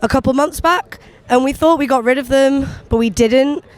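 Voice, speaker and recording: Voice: sits high, moderate pace. An interviewee complaining glumly about living out of a hotel, speaking outdoors in a park. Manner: glum, complaining. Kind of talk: casual chat.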